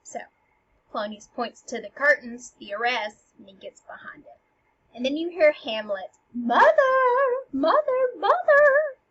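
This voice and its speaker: High-voiced woman explaining a play. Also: normal speed, pushed and bright, breathy edge. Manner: chatty, playful commentary. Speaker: teacher. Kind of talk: casual explainer lesson. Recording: slightly dull with faint hiss.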